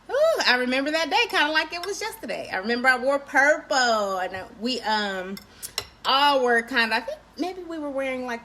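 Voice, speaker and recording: A woman's voice: on the high side, bright, forceful tone, slight background noise. A woman, chatting casually on a livestream and greeting viewers by name. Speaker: livestream host.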